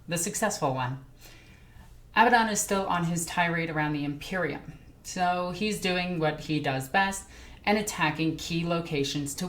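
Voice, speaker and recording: A young woman talks casually as host of her own channel, rambling and correcting herself mid-sentence. Her voice sits a little low for a woman. The room around her rings with echo. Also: slight background noise. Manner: chatty, rambling, self-correcting. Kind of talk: casual hobby commentary. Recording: echoey room.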